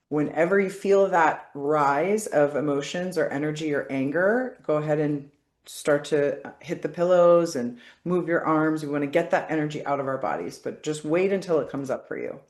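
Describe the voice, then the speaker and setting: A woman facilitating a guided body-work session, coaching calmly and often checking in with "okay?". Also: low-pitched, unhurried, reverberant.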